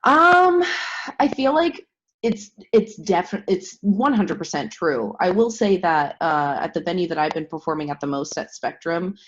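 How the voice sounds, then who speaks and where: A woman's voice: fairly low pitch, lively intonation, moderate pace. A woman who performs as a drag king, chatting casually as a guest, hesitant and laughing often. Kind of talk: casual chat. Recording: muffled lo-fi audio.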